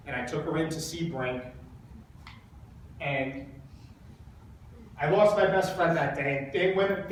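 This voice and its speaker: A man speaking to an audience and telling an emotional personal story, halting and repeating words while holding back tears. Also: on the high side, a bit bright, slight background noise. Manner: halting, repeats words, acts out quoted dialogue. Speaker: speaker at a coaching event. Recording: very echoey hall, mic far off.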